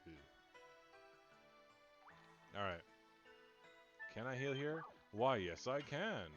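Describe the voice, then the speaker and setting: A man's voice: medium pitch, sing-song, takes it slowly, muffled recording, soft background music. A young adult man giving casual, joking commentary on a game he is playing, rambling and talking to his chat. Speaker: let's play streamer.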